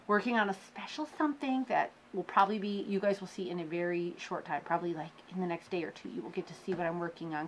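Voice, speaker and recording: A woman hosting a crafting podcast, chatting casually with her viewers about her projects, laughing often and poking fun at her own slow progress. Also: mid-range voice, fairly bright tone. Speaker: crochet podcast host. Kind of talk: casual show-and-tell chat.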